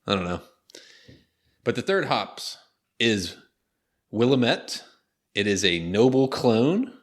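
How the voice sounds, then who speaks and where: A man's voice: mid-range voice, very animated, takes it slowly. A man co-hosting a beer podcast in casual chat, joking, swearing and laughing often. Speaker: podcast co-host.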